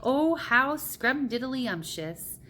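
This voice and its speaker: A woman's voice: high-pitched, expressive, drawn-out words, bright, forceful tone, a little hiss or hum, voice pushed up, heavily acted. A woman voicing a kindly, clever male giant who pleads earnestly in a raised voice. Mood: coaxing.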